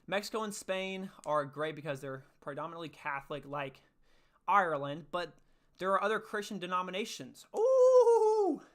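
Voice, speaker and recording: Young guy hosting a chill faith livestream, hypes up the chat, kinda high bright voice. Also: fairly quick. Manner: upbeat, reads chat aloud and answers it. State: out of breath after push-ups. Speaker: livestream host.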